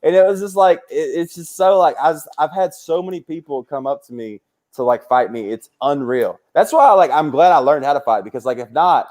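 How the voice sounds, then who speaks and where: A young adult man, a comedian telling fight stories in casual chat. He swears freely and jumps into high voices when he quotes people. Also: animated, brisk, hardly any pauses, darkish tone. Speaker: comedian guest. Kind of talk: casual storytelling.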